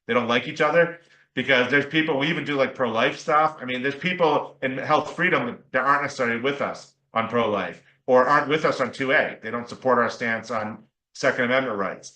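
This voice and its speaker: A man's voice: medium pitch, pushed and bright, reverberant, low-quality recording. A man speaking as an attorney guest on a podcast interview, explaining in an earnest way and often checking in with "right?" and "okay?".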